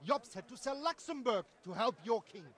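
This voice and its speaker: An actor playing a stubborn German villager who lectures others with haughty confidence. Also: male voice, very high voice, animated, moderate pace, a bit bright. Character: stubborn German villager defending a rival king.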